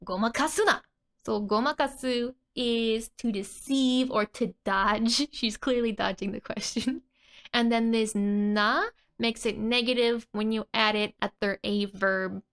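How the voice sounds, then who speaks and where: A woman's voice: on the high side, steady tone, measured pace, fairly bright tone. A woman teaching a casual language lesson, laughing often between her explanations.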